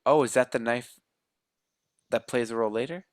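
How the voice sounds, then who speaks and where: A man's voice: medium pitch, moderate pace, no echo, studio quality. Rambling, profane male podcast host. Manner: rambling, profane, searches for words. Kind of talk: casual movie review chat.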